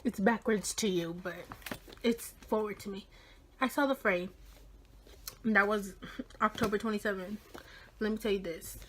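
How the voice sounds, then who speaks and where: Young woman vlogger, 18, excited storytelling with heavy swearing and whispered asides. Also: medium pitch, measured pace, pauses often, a little hiss or hum. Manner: animated, swears a lot, drops into whispers. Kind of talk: casual storytime vlog.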